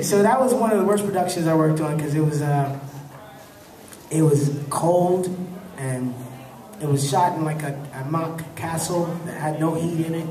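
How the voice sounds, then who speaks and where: Speaking in a higher-pitched voice, a thirtysomething actor swaps casual anecdotes about his work at a fan convention panel, laughing often and staying laid-back. When he quotes people, he livens up and does their voices. Crowd noise, echo from the hall, and a far-off mic color the audio.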